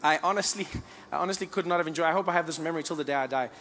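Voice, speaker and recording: A man telling stand-up stories on stage with animated delivery. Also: fairly high pitch, very fast, in a large hall, a little hiss or hum. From South Africa. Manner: animated storytelling. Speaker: comedian. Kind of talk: stand-up comedy.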